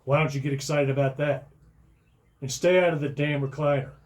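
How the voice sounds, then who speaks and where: A man acting out his younger self as an exasperated father yelling and scolding at home. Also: mid-range voice, fairly quick, natural voice. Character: exasperated shouting father, middle-aged man.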